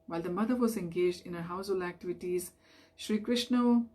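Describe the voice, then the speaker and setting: A woman reading a devotional story aloud in a measured storytelling manner, lifting her voice for the quoted figures. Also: lowish voice, darkish tone. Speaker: reader of devotional scripture.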